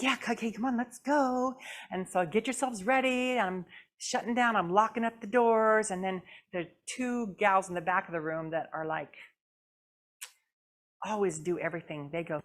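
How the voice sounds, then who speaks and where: A middle-aged woman giving a storytelling talk as a guest speaker, animated and acting out voices and dog barks. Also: medium pitch, normal speed. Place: church hall.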